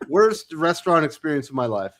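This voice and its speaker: A man's voice: on the high side, sing-song, fairly quick, a bit bright. A man co-hosting a casual comics podcast panel, jokey and crude, swearing freely as he reads out listener questions.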